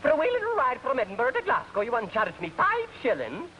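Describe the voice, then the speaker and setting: A man's voice: very high voice, wildly swooping pitch, fast talker, pushed and bright, pitched above the performer's own voice, exaggerated voice. A man voicing a stingy, indignant Scottish traveler in a thick put-on brogue, told as a joke on an old radio show. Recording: dull old radio broadcast with hiss.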